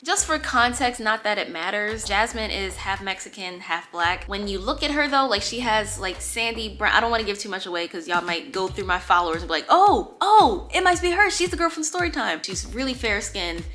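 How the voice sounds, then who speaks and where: A woman's voice: mid-range voice, fairly quick, hardly any pauses. A woman vlogger telling a storytime tale in casual chat, acting out the voices of the people in it. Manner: animated, acts out quoted voices.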